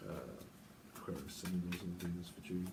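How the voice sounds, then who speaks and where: A man's voice: sits low, level tone, background noise. Rambling man reading tarot. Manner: rambling, chatty, quick asides and self-interrupting laughs. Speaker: tarot reader. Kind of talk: casual monthly tarot reading.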